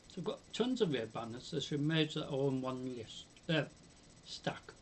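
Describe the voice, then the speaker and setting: A man's voice: medium pitch, sing-song, normal speed. British male streamer, musing and hesitant, faint background noise. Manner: musing, hesitant, lots of hums and ums. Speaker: game streamer. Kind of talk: casual live game commentary.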